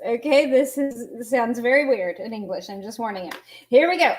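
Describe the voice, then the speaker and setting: Patient woman teaching a language lesson. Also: on the high side. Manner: patient, explains slowly, asks students questions.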